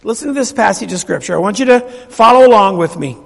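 High, gravelly preacher in a hall. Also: male voice, expressive, fast talker. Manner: swings from loud emphatic preaching to hushed near-whisper; asks the congregation questions, repeats phrases. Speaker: pastor. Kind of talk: sermon. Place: church sanctuary. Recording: reverberant church hall.

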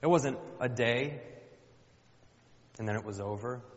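A man's voice: medium pitch, unhurried. A man preaching a sermon in a church, colloquial and emphatic, repeating phrases for effect. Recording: dull lo-fi with long hall reverb.

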